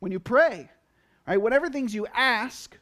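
High-voiced man preaching a conversational sermon. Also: unhurried. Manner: conversational, animated, acts out quotes in asides. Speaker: pastor.

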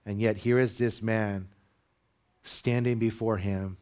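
A man's voice: steady tone, clean tone. Man preaching a sermon. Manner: builds from measured teaching to loud, high-pitched exhortation. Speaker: pastor. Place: church with a congregation.

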